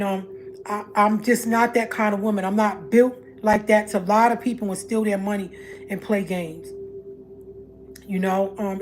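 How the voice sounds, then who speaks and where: A woman's voice: fairly high pitch, noisy background. A woman hosting a livestream, talking to her followers in a pleading, emphatic way that keeps repeating itself. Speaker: livestream host. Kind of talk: casual livestream talk to followers.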